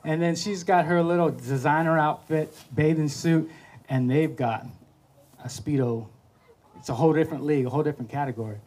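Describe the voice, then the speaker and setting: High-voiced man telling a motivational story. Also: a little fast. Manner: animated, acts out voices, laughs at his own story. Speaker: podcast host.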